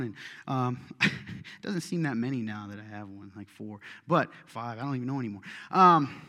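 A man's voice: mid-range voice, expressive, moderate pace, pushed and bright, in a large hall. A middle-aged man preaching a sermon in a church, joking and chatty at first, then building to emphatic preaching. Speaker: pastor. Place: church sanctuary.

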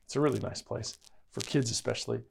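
A man's voice: mid-range voice, quick pace, creaky, husky. A man co-hosting a casual Bible-study chat, telling a story earnestly. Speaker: co-host.

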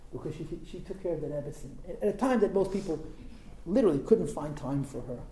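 A man's voice: on the high side, lively intonation, brisk, dark tone, slight background noise. A man telling a story in an informal religious talk, conversational and emphatic, with asides to his listeners. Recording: roomy echo with faint background.

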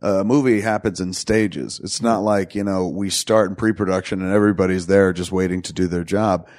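A man hosting a casual podcast interview, telling stories in an animated way and swearing casually. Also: sits low, brisk. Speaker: podcast host, director.

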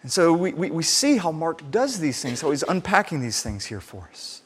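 A man preaching a sermon in an animated way, acting out the people he quotes. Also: on the high side, moderate pace, slightly rough, soft background music. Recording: reverberant hall sound.

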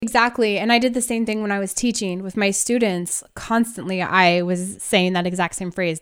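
A woman's voice: medium pitch, steady tone, normal speed, hardly any pauses, fairly bright tone, smooth. A woman co-hosting a podcast, talking in a casual, emphatic way and laughing through her frustration. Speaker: podcast co-host. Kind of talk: casual conversational podcast chat.

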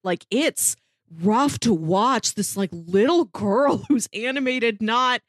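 A woman's voice: on the high side, animated, slow pace, dry recording, clean studio sound. A woman co-hosting a podcast in casual chat, full of "like" fillers and laughing mid-sentence. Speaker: podcast co-host.

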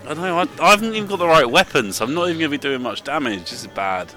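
A man's voice: on the high side, racing, music in the background. A man chatting and swearing while playing a co-op game with friends. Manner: swearing, laughing, excitable. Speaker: gamer. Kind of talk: casual game chat.

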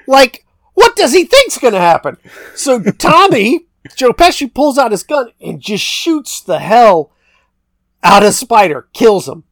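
A man with a somewhat high voice walks through a film's story in a loose, rambling chat, slipping into quick quoted lines. The sound is dry and close to the mic. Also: sing-song, no echo. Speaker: podcast co-host. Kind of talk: casual movie recap chat.

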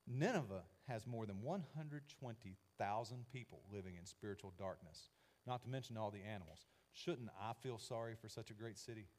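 A man preaching, speaking as God in a calm, firm and reasoning way. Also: fairly low pitch, a little fast, natural voice. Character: patient, merciful divine voice of God.

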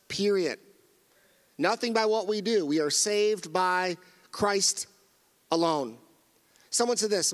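A middle-aged male pastor delivers a sermon with earnest emphasis, stressing key phrases and restarting sentences as he builds his points. His voice sits a little high for a man. The sound carries the long reverb of a church sanctuary. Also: a bit bright.

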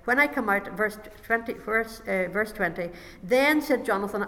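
A woman's voice: mid-range voice, lively intonation, normal speed, pushed and bright. A woman delivers a sermon in a hall with a long echo. She reads scripture aloud, then breaks off to explain each passage in her own words. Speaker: preacher. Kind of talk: sermon with Bible reading.

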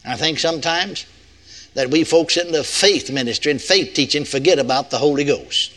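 A man's voice: on the high side, moderate pace, a bit bright. An older man, preaching a sermon with folksy, playful asides to the audience. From United States. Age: 60s.

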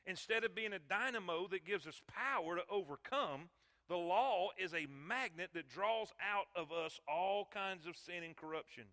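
A man's voice: high voice, moderate pace, bright, forceful tone. A man preaching a sermon, emphatic and calling out to his congregation. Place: church sanctuary. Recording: long hall reverb in church.

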